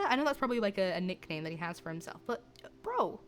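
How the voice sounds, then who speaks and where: A young woman streams a visual novel, voicing its narration herself. She reads steadily and then breaks into chatty, animated asides with frequent laughter. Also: mid-range voice, fast talker, slight background noise. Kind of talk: reading a visual novel aloud with live reactions.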